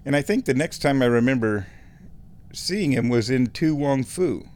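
A man from Omaha, Nebraska, telling a rambling, nostalgic story in a casual monologue, chuckling often and clearing his throat. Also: mid-range voice, lively intonation, normal speed, darkish tone. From Omaha, Nebraska, USA.

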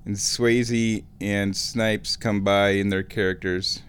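Slow, rambling man from Nebraska. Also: lowish voice, flat delivery. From Omaha, Nebraska, USA. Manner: rambling and nostalgic, chuckles often, clears throat. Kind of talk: casual monologue.

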